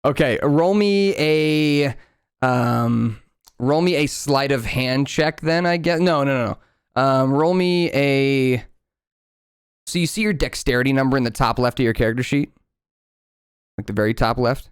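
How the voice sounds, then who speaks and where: A man's voice: mid-range voice, unhurried, clear, resonant tone, dry recording, studio quality. A man running a tabletop game as game master, narrating scenes and explaining rules patiently with lots of filler words.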